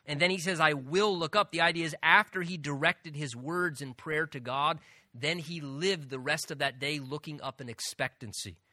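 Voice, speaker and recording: A pastor teaching a sermon verse by verse, earnest and emphatic, moving between soft asides and loud stresses. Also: male voice, on the high side, moderate pace, no echo, clean studio sound. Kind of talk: expository sermon.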